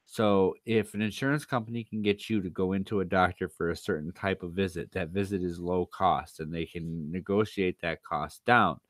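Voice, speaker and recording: A tired man rants through a home livestream, swearing and throwing out sarcastic asides. His voice sits on the low side. The sound is dry, with no room around it. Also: fairly even intonation, moderate pace, few pauses, no room sound. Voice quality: profane, sarcastic. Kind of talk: casual ranting livestream talk.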